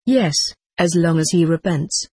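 A text-to-speech voice reading the lines of a calm female extraterrestrial teacher in an audiobook, with a flat, even synthetic delivery. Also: mid-range voice, a little slow, slightly rough, dry recording.

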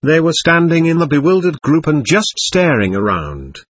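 A man reading a first-person memoir aloud at a measured, steady pace. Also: on the high side, no echo.

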